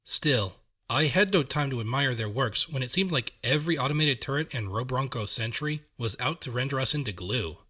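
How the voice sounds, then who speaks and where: A man narrating a story in the first person, reading in a measured, steady way. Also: medium pitch, breathy edge. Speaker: audiobook narrator.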